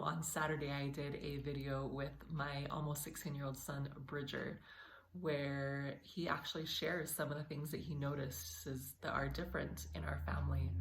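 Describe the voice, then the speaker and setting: A woman's voice: deep voice, slight background noise. A woman vlogger talking to camera in an earnest, encouraging way, speaking straight to her viewers. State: a little emotional. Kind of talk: heartfelt talk to camera.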